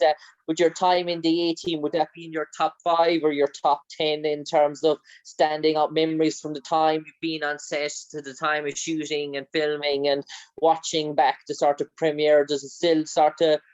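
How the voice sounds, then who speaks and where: A man's voice: fairly high pitch, lo-fi sound. Male host, long winding questions, lots of "uh" and "sort of". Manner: long rambling questions with many fillers. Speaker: interview host. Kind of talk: interview questions.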